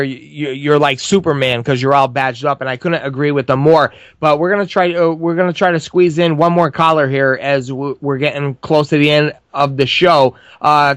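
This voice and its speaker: A man's voice: fairly high pitch, fairly even intonation, normal speed, hardly any pauses, fairly bright tone, no echo. A man hosting a live talk show, loose and hesitant, with many restarts.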